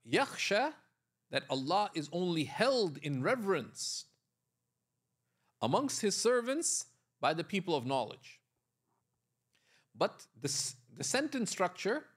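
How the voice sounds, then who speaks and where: High, animated male grammar teacher. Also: husky. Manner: explains step by step, quizzing students with questions; frequent checking tags like "right?". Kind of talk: classroom lecture.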